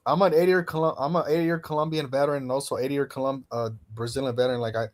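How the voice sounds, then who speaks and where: A man's voice: mid-range voice, steady tone, fast. A young man hosting a casual video-call chat, easygoing and loose, tossing in "man" and "bro" constantly. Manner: laid-back, peppers talk with "man" and "bro". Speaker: host.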